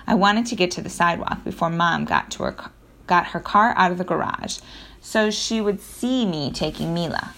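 A woman narrating a children's audiobook in the first person, in a lively storytelling manner with occasional self-corrections. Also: fairly low pitch, normal speed, vocal fry.

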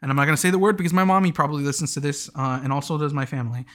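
A man's voice: a little high, racing, fairly bright tone. A young man hosting a casual recap of a dating show, rambling with many "like"s and stammered restarts.

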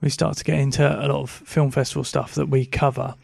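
A man co-hosting a podcast in easygoing, rambling casual chat, often clearing his throat. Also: mid-range voice, level tone, fast, a little mellow, dry recording, clean studio sound. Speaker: podcast co-host.

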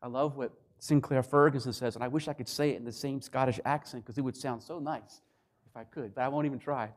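A man preaching a sermon, swinging between loud declarations and hushed, quiet lines. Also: medium pitch, fairly even intonation, fast. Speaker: pastor.

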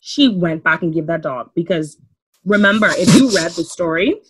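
A woman's voice: lowish voice, expressive, normal speed, soft background music, rough recording. A woman co-hosting a podcast who makes her points emphatically in casual discussion. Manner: emphatic, opinionated. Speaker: podcast co-host.

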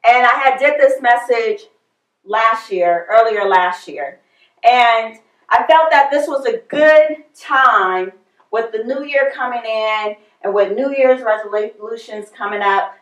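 Slow, high-voiced woman preaching. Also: a bit bright, reverberant, poor audio. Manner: repeats phrases for emphasis. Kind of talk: sermon.

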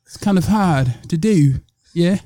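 Male podcast host, easygoing and teasing, slow delivery, dry close sound. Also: high voice, animated, mellow, no room sound. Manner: jokey, teasing, laughs often. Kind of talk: casual chat.

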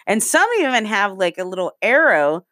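A woman's voice: mid-range voice, big pitch swings, normal speed, sharp tone, no echo, studio quality. A woman co-hosting a podcast, chatting casually in a playful, rambling way and laughing often. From rural area. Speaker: podcast co-host. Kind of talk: casual chat.

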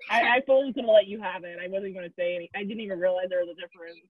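A young woman co-hosting a casual podcast chat, giggly and quick to laugh. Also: medium pitch, steady tone, slightly rough. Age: young adult. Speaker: podcast co-host. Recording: tinny dry phone-like line.

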